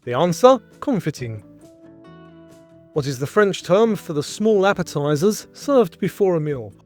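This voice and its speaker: Male quiz host, animated delivery, measured question reading. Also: high voice, faint music behind. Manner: reads questions and answer choices in a clear, measured way. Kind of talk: scripted quiz show presenting.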